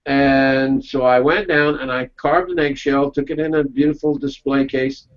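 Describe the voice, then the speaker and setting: A man with a medium-pitched, steady voice talks at a normal speed in a dull, lo-fi recording. Presenting a webinar as a casual round-table chat, he tells folksy business anecdotes and keeps checking in with listeners by asking "okay?"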